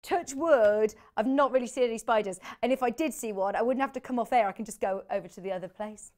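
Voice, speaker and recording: A bubbly woman presents products to viewers live from a TV shopping-channel studio, chatting and laughing freely. Her voice is a little high and a bit mellow, and she talks at a quick pace.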